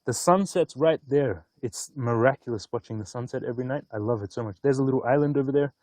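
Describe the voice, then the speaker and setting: A man chatting casually on a live stream from an outdoor hilltop, easygoing and often excited. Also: mid-range voice, fast talker, no echo. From Australia. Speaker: stock market vlogger.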